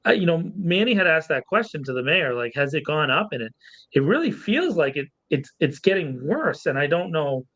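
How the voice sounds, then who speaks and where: Chatty man, slightly high voice. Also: sing-song, normal speed, fairly bright tone, rough recording. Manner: loose and friendly, laughs often, repeats himself. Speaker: podcast co-host. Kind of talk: casual podcast chat.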